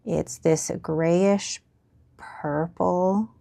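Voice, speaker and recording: A woman's voice: fairly low pitch, fairly even intonation, very slow, creaky, mellow, dry recording. A young woman chatting casually as she reviews and swats fountain pen inks, musing aloud and sometimes dropping to a near whisper. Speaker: stationery vlogger. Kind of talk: casual ink swatch review.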